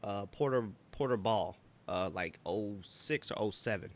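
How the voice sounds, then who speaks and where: Lowish voiced guy rambling casually on a podcast, lots of ums and likes. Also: unhurried. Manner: relaxed storytelling, lots of fillers. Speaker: podcast co-host. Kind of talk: casual chat.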